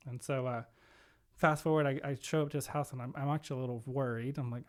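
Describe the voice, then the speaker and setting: Man telling stories with animated quoted voices. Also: mid-range voice, fast. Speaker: podcast guest, home care executive. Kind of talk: conversational storytelling.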